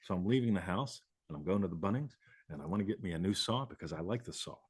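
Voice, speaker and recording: A man's voice: low-pitched, lively intonation, fast, breathy edge, no echo, studio quality. A man hosting a live show, talking casually in a rambling way, swearing and laughing often. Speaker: host.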